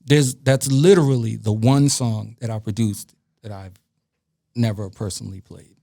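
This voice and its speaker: A man's voice: on the low side, moderate pace, creaky, no room sound, studio quality. A man from Brooklyn, a guest DJ and producer, telling anecdotes on a casual podcast and acting out other people's lines with plenty of swearing. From Brooklyn, New York. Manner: animated anecdote-telling, acting out quoted dialogue, frequent profanity.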